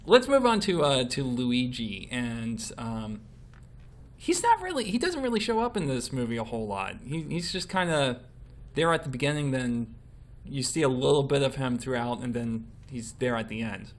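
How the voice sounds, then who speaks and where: A man's voice: mid-range voice, sing-song, normal speed. A man hosting a podcast in casual chat, hesitant with many restarts as he moves through the topics.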